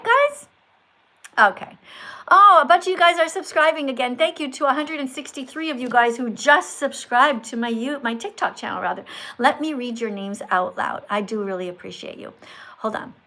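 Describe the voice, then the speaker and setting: Woman live-stream host, teacherly and emphatic, high voice, bright tone. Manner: schoolteacher tone, correcting and praising. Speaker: livestream host. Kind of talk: live-stream chat with viewers.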